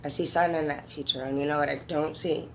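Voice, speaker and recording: Woman, 30s, low gravelly voice, blunt tarot-reading monologue, slight background hiss. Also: steady tone, fast, a bit bright, rough recording. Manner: candid, emotional, swears freely. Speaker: tarot reader. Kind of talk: casual monologue to viewers.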